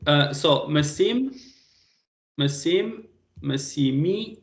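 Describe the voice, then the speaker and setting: Male language tutor, gravelly voice, patient, roomy echo on a video call. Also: mid-range voice, lively intonation, normal speed. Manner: patient, questioning students by name. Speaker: language teacher. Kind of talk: online class teaching.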